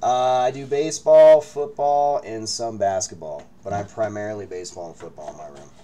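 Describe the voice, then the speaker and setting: A man's voice: lowish voice, normal speed, dark tone. A man hosting a live card-break stream from his break room, hyping the pulls and bantering with viewers. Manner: hyped, joking banter with viewers.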